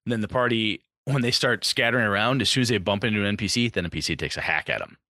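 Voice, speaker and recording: Low-voiced male GM, punchy and bright, cusses freely, dry close recording. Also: racing, no room sound. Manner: animated, profane, acts out characters. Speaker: game master. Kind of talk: casual chat about running tabletop games.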